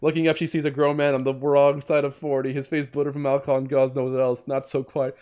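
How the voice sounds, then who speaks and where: A man's voice: mid-range voice, quick pace, few pauses, clean tone. A man streaming a video game, reading its text aloud and acting out lines dramatically between casual remarks. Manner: animated, reads game text in dramatic voices. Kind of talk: gameplay commentary, reading aloud.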